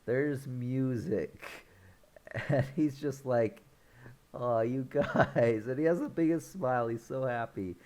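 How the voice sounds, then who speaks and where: An online film reviewer with a medium-pitched, darkish voice casually recaps a movie's plot for his channel. He rambles loosely through the scenes, restarting often and chuckling as he goes.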